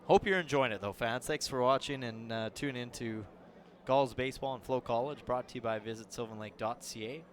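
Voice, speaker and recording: A man's voice: medium pitch, fairly even intonation, brisk. A man doing casual, bantering baseball commentary on a ballgame broadcast, laughing often with his partner. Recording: clear crowd noise behind. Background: crowd noise.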